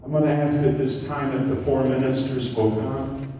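A man preaching a sermon as pastor, swinging from loud, high exclamations to soft murmurs. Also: fairly even intonation, normal speed, a little hiss or hum. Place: church sanctuary. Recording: echoey church hall from far off.

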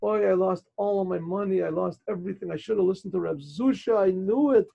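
A man's voice: sits high, a little fast, gravelly, husky, lo-fi sound, full character voice. A man voicing a desperate rich man, shipwrecked and freezing, who pleads for help. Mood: distraught.

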